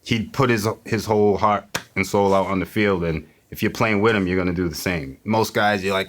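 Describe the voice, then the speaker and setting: A young man, a former teammate, retelling a game with lively energy in a documentary interview. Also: deep voice, brisk.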